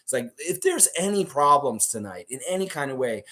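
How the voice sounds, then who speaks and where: Hoarse young man hosting a live stream. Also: mid-range voice, a little fast. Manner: animated, rambling storytelling. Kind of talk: casual live-stream chat.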